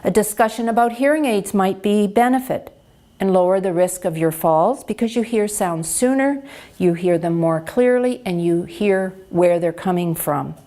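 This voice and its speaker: A woman's voice: mid-range voice, normal speed, dark tone. Patient woman explaining hearing care. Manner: clear, patient explaining with practical examples. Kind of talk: educational health talk. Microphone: lapel microphone.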